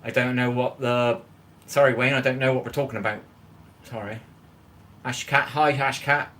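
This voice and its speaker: A man's voice: medium pitch, steady tone, normal speed, bright, forceful tone. A man hosting a casual live cooking stream from his home kitchen, sitting on a chair. He rambles, greets viewers by name and swears freely. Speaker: livestream cooking host.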